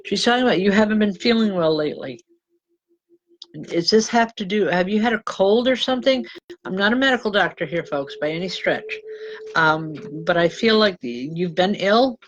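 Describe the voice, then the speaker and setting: In a rough recording, a low-pitched woman does live spiritual readings as a reverend. Informal and chatty, she uses endearments like hon and babe, interrupts herself with ums and restarts, corrects herself often, and frequently laughs and apologizes to viewers.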